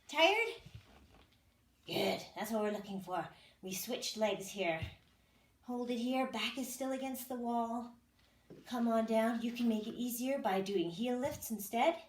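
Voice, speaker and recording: A high-pitched woman coaching a workout, breezy and joking at her own expense as she counts down. She sounds a few steps from the mic in an echoey room, with a clear layer of noise behind her. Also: a little slow, long pauses, distant mic. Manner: chatty, self-mocking, counts down and cues moves. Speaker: fitness instructor. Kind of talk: leading a home workout.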